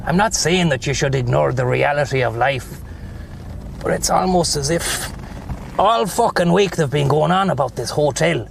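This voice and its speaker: A man's voice: fairly high pitch, expressive, moderate pace, creaky, slight background noise. An Irish man chatting casually and profanely while he livestreams from his car, rambling between thoughts. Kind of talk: casual chat while driving.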